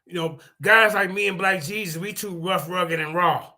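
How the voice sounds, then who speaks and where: Brash high-voiced man ranting loudly. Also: moderate pace. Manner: brash, taunting, swings from mutters to shouting. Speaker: debate livestream host. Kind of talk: heated livestream commentary.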